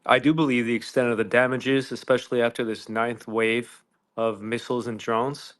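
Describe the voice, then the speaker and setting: A man on a live audio panel giving confident, analytical commentary, steady with occasional dry laughs. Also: medium pitch, moderate pace.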